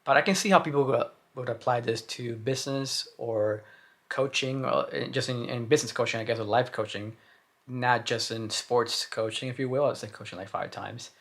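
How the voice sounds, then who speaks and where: A man's voice: mid-range voice, fairly quick, creaky, fairly bright tone. A man giving a casual spoken book review, hesitant and rambling, with frequent restarts and fillers.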